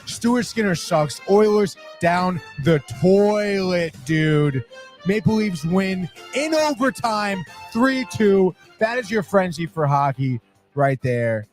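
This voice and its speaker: A man's voice: sits high, animated, slow, faint music behind. A man hosting a live sports podcast alone, trash-talking teams, swearing and calling everyone "dude" as he reads chat comments. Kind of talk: live sports betting talk.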